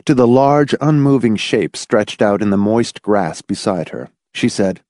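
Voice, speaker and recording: Male audiobook narrator, low and melodic, measured and expressive, dry studio sound. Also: no room sound. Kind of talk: scripted narration.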